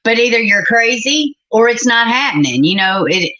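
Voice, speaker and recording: A woman's voice: fairly high pitch, expressive, moderate pace, pushed and bright. A middle-aged woman, hosting a livestream and chatting bluntly and with exasperation with her live chat. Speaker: livestream host. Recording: slightly muffled recording.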